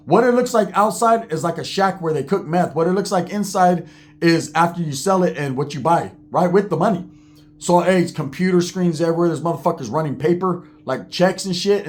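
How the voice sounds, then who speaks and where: A man telling a wild personal story in casual, profane, slang-filled talk, acting out the people he quotes. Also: fairly high pitch.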